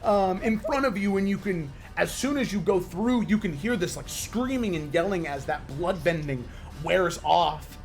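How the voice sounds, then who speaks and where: A man narrating a tabletop role-playing game as game master, with lively, stumbling storytelling full of fillers. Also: high-pitched, normal speed, few pauses.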